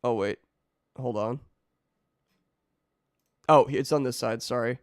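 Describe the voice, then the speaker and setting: Hoarse young streamer man. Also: mid-range voice, slow, no room sound, studio quality. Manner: rambling, slangy, self-interrupting. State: hoarse, losing his voice. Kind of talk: casual livestream chat.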